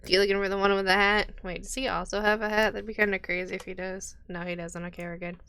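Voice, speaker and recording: A woman game master describes the scene in loose, chatty narration. Her voice is bright and crisp. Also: medium pitch, flat delivery, fast.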